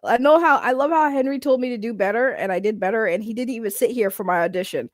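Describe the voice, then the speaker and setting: A woman's voice: on the high side, lively intonation, dry recording, clean studio sound. Brash, profane woman livestreamer. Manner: brash, profane, quick to laugh, reacts to chat. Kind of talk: casual livestream chat.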